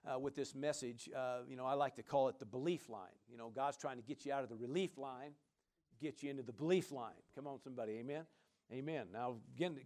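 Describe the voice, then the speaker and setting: A male pastor preaching a sermon in a casual, conversational way, dropping frequent amens and praise Gods between his points. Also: medium pitch. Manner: casual, conversational delivery with many fillers.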